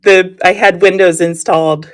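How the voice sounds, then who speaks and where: A woman's voice: lowish voice, steady tone, normal speed. A woman chatting with her live viewers, telling stories and laughing often. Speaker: live streamer. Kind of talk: casual chat with live viewers.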